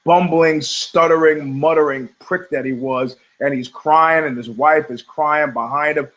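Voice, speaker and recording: Middle-aged male podcast host, slightly high-pitched, sardonic and profane, rambling comic storyteller. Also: fairly even intonation, measured pace, fairly bright tone, low-quality recording. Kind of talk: rambling comedic monologue.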